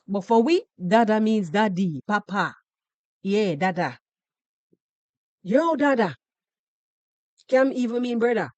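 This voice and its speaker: A woman's voice: medium pitch, lively intonation, slow, long pauses, a little mellow. A Jamaican woman hosting a podcast, giving sarcastic, scolding reaction commentary on a video and slipping into patois. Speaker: podcast host.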